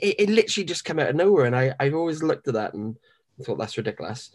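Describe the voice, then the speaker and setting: A man's voice: a little high, animated, fairly quick. A man co-hosting a podcast, chatting casually with a rambling, enthusiastic manner and frequent laughter. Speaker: podcast co-host. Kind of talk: casual chat.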